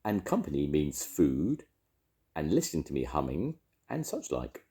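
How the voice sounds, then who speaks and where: An older man voicing a gentle, simple-minded, greedy male bear in a storybook, innocent and earnest. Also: a bass voice, huge pitch swings, normal speed, exaggerated voice.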